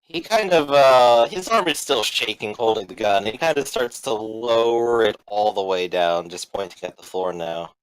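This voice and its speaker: A man running a tabletop role-playing game as game master, relaxed and joking, with many fillers. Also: fairly low pitch, moderate pace, hardly any pauses, clean tone, dry recording, rough recording.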